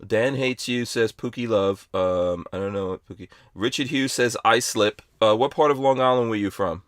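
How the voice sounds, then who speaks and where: A man's voice: fairly low pitch, moderate pace, no echo, clean studio sound. A man hosting a podcast in a rambling, playful way, reading out chat comments. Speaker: podcast host.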